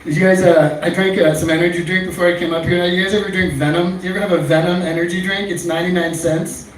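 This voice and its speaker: Fairly high-voiced male comic, crude and rambling, heard from far off in a very echoey club room. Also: steady tone, quick pace. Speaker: stand-up comic. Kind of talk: stand-up comedy set. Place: small comedy club stage. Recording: echoey room, far-off mic, faint noise.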